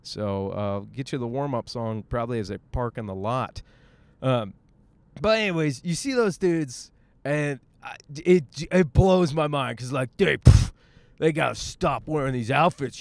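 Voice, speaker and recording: A man's voice: mid-range voice, measured pace, no echo. A man hosts a casual podcast monologue from his car, rambling, joking and swearing freely. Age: 30s. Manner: rambling, profane, jokey. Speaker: podcast host. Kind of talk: casual monologue while driving.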